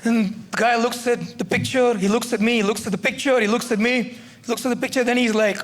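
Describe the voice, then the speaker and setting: A man doing stand-up on a comedy club stage, telling a story in an animated way with frequent tag questions. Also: extremely high pitch, brisk, slight background noise.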